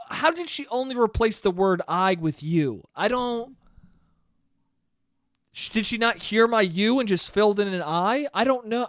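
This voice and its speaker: Young male podcast host, solo sardonic monologue, animated inflection, dry sound. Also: high-pitched, no echo. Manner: rambling, sardonic, profane.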